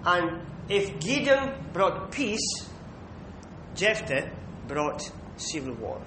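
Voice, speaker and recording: Male preacher, high voice, emphatic sermon delivery, roomy echo with a faint low rumble. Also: very animated, drawn-out words. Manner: emphatic, with rhetorical "Hmm?" checks. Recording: echoey room with faint rumble.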